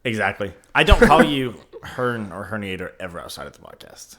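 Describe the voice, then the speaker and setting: A man's voice: fairly low pitch, very animated, brisk, a crowd in the background. A young man co-hosting a podcast in casual chat, playful and jokey with his co-host. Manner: playful, jokey, sings out goodbyes.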